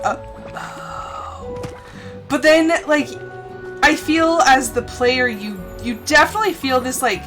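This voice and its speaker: Animated high-voiced woman streamer. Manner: animated, laughs often, acts out her own reactions. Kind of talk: casual gameplay chat. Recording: game music behind the voice.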